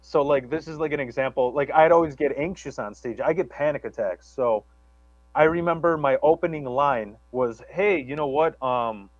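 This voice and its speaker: A man talking in casual chat, halting and profane, self-deprecating about his comedy. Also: fairly high pitch, no room sound, dull audio. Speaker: guest, comedian.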